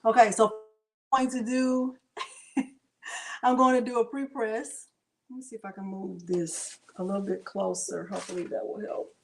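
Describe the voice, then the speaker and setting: A woman's voice: medium pitch, level tone, normal speed, vocal fry, long pauses, a little mellow. A woman hosting a live crafting demonstration from her home craft space, chatty, laughing often and talking straight to her viewers. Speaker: craft livestream host.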